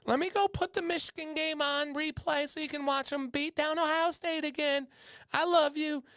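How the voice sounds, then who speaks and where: A man putting on a shrill falsetto voice, mocking a nagging wife who turns doting. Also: steady tone, moderate pace, bright, forceful tone, no room sound, studio quality, exaggerated voice. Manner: exaggerated mock nagging.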